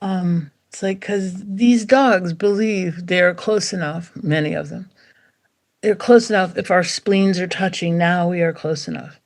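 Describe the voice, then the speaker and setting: Dog breeder lady on a podcast, kinda gravelly, tells stories and acts out the voices. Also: fairly low pitch, a little slow, few pauses. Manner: lively storyteller, acts out quoted dialogue. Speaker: guest dog breeder and behavior expert. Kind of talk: podcast interview.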